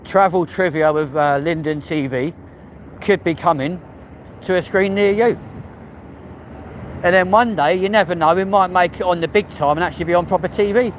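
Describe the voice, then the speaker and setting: Strolling through the city on a live stream, a Londoner from England banters cheekily with his chat and swears freely as he goes. His voice sits high at a moderate pace. The recording is low-quality, with slight background noise.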